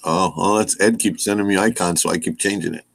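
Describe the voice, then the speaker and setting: Man, stream guest, lowish voice, laid-back joking chat. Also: fairly even intonation, brisk, gravelly, a bit bright, dry recording. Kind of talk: casual group chat.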